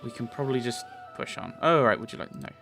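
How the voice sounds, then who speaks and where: A man's voice: mid-range voice, big pitch swings, fast talker, vocal fry, sharp tone, soft background music. A man casually commentating his game playthrough, rambling with lots of restarts. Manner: rambling, chatty, many fillers and restarts. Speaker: let's play host.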